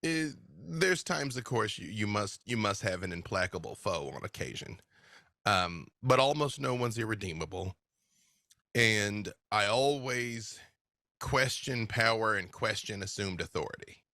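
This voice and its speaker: A lower-pitched man with a forceful, bright tone, talking as an interview guest. He tells his stories in an animated way and laughs easily. The recording is dry and close. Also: a little slow, dry recording. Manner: animated storyteller, laughs often. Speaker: guest game master. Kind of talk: casual interview chat.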